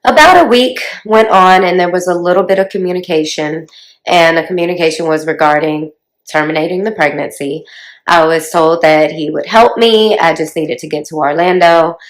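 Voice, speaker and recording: A woman in her forties with a slightly low voice talks straight to her viewers and tells her own story. Her delivery is chatty and confiding, like a casual vlog. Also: normal speed, poor audio. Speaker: vlogger telling her life story.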